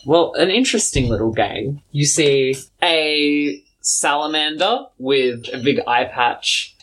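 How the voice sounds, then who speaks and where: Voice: mid-range voice, a bit bright. A game master narrating a tabletop game in a loose, chatty way with restarts.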